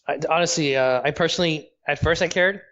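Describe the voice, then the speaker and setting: A man's voice: a little high, fast talker, a bit bright. A man co-hosting a casual gaming chat over a call, blunt and opinionated, swearing as he makes his points. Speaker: podcast co-host. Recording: dull lo-fi call audio.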